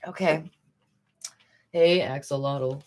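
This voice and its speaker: A woman's voice: deep voice, slow. A woman hosting a commentary livestream, talking casually and animatedly to her audience with rhetorical questions. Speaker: commentary streamer.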